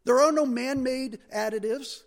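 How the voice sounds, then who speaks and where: A male pastor preaching a sermon in a church, animated and building to emphatic peaks. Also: very high voice, moderate pace, creaky, long reverb tail.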